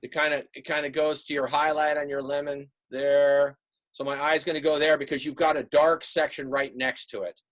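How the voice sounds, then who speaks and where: A man teaching an online art class over a video call, relaxed and rambling with many fillers. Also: a little high, normal speed. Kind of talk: online class lecture and critique.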